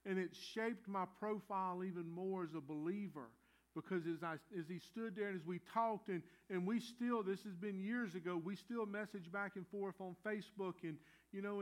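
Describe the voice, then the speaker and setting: A middle-aged pastor, preaching a sermon in a folksy, earnest way with many "you know" fillers. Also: male voice, high-pitched.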